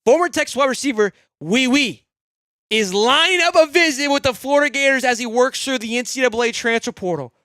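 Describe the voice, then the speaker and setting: Excitable high-voiced male sports streamer. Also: brisk, no echo, clean studio sound. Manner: excitable, rambling, swears freely, swings from loud hype to low grumbling. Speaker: sports podcast host. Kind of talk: live-stream fan sports talk.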